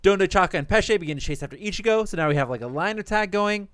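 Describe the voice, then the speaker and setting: A man recapping a cartoon plot in a casual, animated way, full of swearing and laughs. His voice is smooth and clear and sits a little high. The sound is dry and close. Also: quick pace, no echo. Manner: animated, profane, laughs often.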